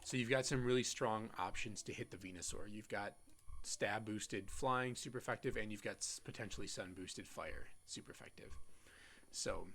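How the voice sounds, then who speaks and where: A man giving casual strategy commentary on a competitive Pokemon team, halting often with "um"s and restarting his sentences. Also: lowish voice, fairly bright tone. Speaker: competitive Pokemon player and content creator.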